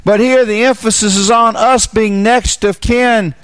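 A man with a high voice gives a Bible teaching sermon in a dry, close sound. He repeats his key phrases, puts questions to the listeners, and drops low and slow to press a point home. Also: steady tone, a bit bright, clear, resonant tone, dry recording. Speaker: preacher.

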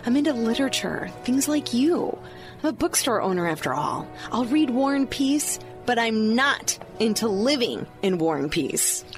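Woman playing an exasperated, sharp-tongued bride. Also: a little high, sing-song, normal speed, faint music behind. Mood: defensive. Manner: exasperated, sarcastic. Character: fed-up American bride, bookish, sharp-tongued. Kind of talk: radio drama acting.

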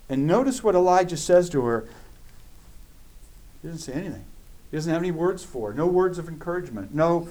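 Man preaching, animated and rising. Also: a little high, a little fast. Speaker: pastor. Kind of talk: sermon.

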